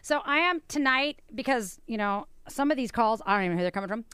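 Woman, radio host, bubbly and jokey, bright high voice, smooth and dry. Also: animated, quick pace, dry recording. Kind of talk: casual on-air chat.

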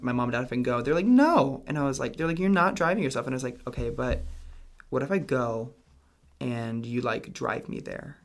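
A man's voice: mid-range voice, creaky. A young man telling a personal story in a casual, rambling way, full of "like" and "um" fillers. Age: young adult. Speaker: guest telling his story.

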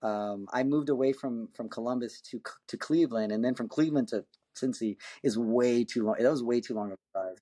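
A man's voice: mid-range voice, a little fast, hardly any pauses. A man on a podcast telling a story in a casual, rambling way, full of fillers and restarts, acting out other people's lines. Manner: lively, acts out quoted voices. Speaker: podcast guest, competitive axe thrower.

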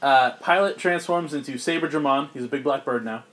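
A man's voice: mid-range voice, brisk, fairly bright tone. A man narrating as game master in a tabletop game, loose and joking, with plenty of fillers.

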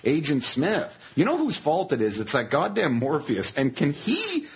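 A man's voice: fairly high pitch, wildly swooping pitch, a little slow. A man co-hosting a podcast, mocking a movie sarcastically and swearing. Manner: sarcastic, swearing, exasperated mockery. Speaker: podcast co-host. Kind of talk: casual profane movie chat.

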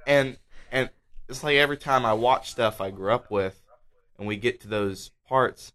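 A man guesting on a podcast, talking in an animated way, saying dude a lot and dropping to a mumble. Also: mid-range voice, moderate pace. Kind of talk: casual chat.

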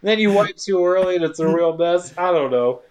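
A man in casual comedic chat, recapping a film with crude jokes and quick acted-out lines. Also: high voice, expressive, darkish tone. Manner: jokey, crude, acts out characters in quick asides. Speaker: podcast co-host recapping a film.

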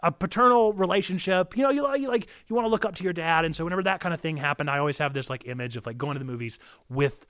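A man's voice: fairly high pitch, racing, few pauses, a bit bright, clean tone, no echo, studio quality. A young man, an enthusiastic pastor and streamer, giving a chatty, upbeat sign-off to his viewers.

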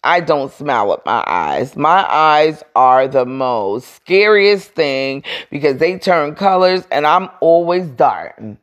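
A woman's voice: low-pitched, big pitch swings, slow pace, few pauses, muffled recording. A woman hosting a podcast, giving casual motivational advice in a frank, emphatic way. She repeats her points, talks straight to her listeners and answers her own questions. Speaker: podcast host.

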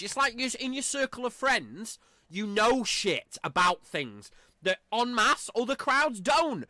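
A man's voice: very high voice, sing-song, unhurried, bright, forceful tone, dry recording, clean studio sound. A man hosting a podcast, delivering a profane, rambling and mocking rant on his own. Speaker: podcast host. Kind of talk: ranting podcast monologue.

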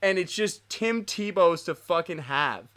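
A man's voice: high-pitched, measured pace, clean tone. A man in his twenties chatting on a podcast, ranting and telling stories with constant swearing. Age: 20s. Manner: animated, profane ranting storyteller. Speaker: podcast co-host. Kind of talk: casual podcast chat.

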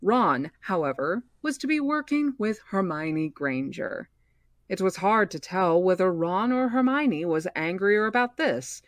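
A woman hosting a book podcast, reading a novel aloud in steady narration with small slips and restarts. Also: mid-range voice, measured pace, no room sound.

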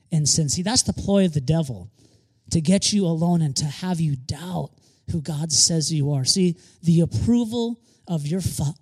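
A man's voice: on the high side, darkish tone. A man preaching a sermon as pastor, emphatic, repeating key phrases for stress and slipping in joking asides.

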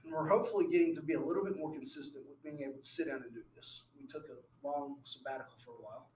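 A man's voice: on the high side, steady tone, racing, a little mellow. A man hosting a podcast in casual chat, joking around and wrapping up the show. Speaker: podcast host. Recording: echoey room with faint noise.

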